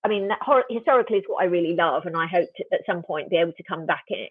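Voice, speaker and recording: A woman's voice: on the low side, racing, breathy edge, no room sound. Woman, author guest, wry and thoughtful, narrow tinny phone line, dry. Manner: thoughtful, restarts often, wry. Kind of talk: casual interview chat.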